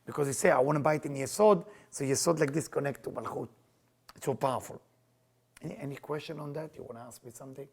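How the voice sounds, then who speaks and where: A man teaching Kabbalah in an animated lecture, emphatic and excitable in English. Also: mid-range voice, fast talker, vocal fry, husky. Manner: excitable, emphatic, non-native English with Hebrew phrases.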